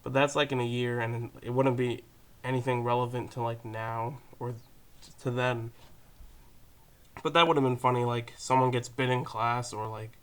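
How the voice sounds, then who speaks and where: A man's voice: mid-range voice, flat delivery, moderate pace, clean tone. A teenage boy ranting casually to camera, rambling with lots of fillers and casual swearing. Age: teens. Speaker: vlogger.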